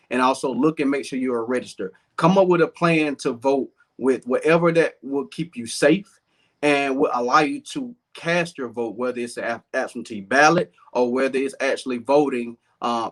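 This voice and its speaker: A man's voice: mid-range voice, fairly bright tone. A man in his thirties from southern Georgia with a Southern accent, an earnest political candidate talking in an interview with frequent fillers. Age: 30s.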